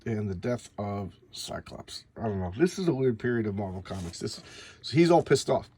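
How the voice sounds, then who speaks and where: A man's voice: fairly low pitch, big pitch swings, normal speed, gravelly, dark tone, breathy edge. A man casually recapping a comic book story, rambling and stumbling over names.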